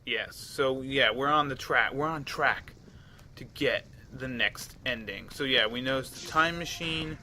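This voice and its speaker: Bright-voiced rambling let's play man. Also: medium pitch, measured pace, soft background music. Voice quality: rambling, chatty, frequent restarts. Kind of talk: casual game commentary.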